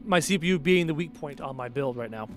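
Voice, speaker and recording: Brisk and animated, a man with a Canadian accent and a slightly high voice streams a game over soft music. He chats sarcastically with viewers, responding to their messages out loud as he plays.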